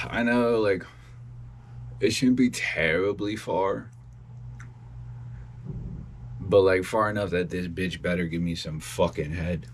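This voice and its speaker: A sleep-deprived young man talks in a slow, drawn-out way, rambling and cursing with frustration in a video diary. His voice sits very low. Steady car noise runs clearly under him. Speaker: vlogger.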